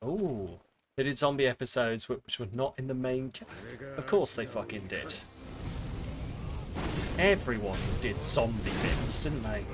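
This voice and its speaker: Man, streamer, casual sweary chatter, middle pitch, game music behind. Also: lively intonation, unhurried, long pauses. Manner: rambling, swearing, chatting with viewers. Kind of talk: casual live-stream chat while gaming.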